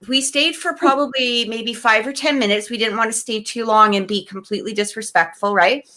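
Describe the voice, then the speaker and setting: Animated, emotional woman telling a story. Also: on the high side, brisk. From Canada. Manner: animated, emotional, many restarts and fillers. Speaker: podcast co-host. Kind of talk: casual storytelling in an interview.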